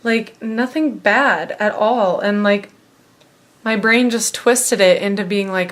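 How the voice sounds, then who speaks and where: A woman's voice: medium pitch, slow pace. A young woman recounts her day in a loose, rambling way. Her talk is casual and full of fillers and restarts, as if to a friend. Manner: rambling, filler-heavy storytelling. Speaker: vlogger. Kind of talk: casual storytelling chat.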